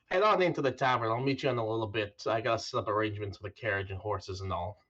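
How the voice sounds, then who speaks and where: A man's voice: lowish voice, quick pace, fairly bright tone. A man voicing a cheerful, folksy woman carriage driver in a tabletop game, on dull lo-fi stream audio. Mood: friendly. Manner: folksy, chatty.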